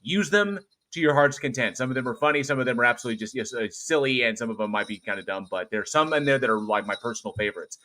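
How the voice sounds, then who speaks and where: A man hosting a casual livestream, chatting and getting animated as he tells stories. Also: mid-range voice, fast. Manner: excitable, animated when telling stories. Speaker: host.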